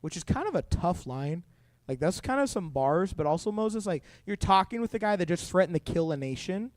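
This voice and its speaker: Animated high-voiced young male preacher. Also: brisk, no echo. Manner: animated, joking storyteller. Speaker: youth pastor. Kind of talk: youth sermon.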